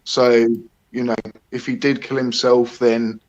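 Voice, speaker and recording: A man's voice: mid-range voice, level tone, measured pace, a little mellow, muffled recording. A man hosting a casual live stream, chatty and a little hesitant, greeting viewers by name. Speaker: livestream host.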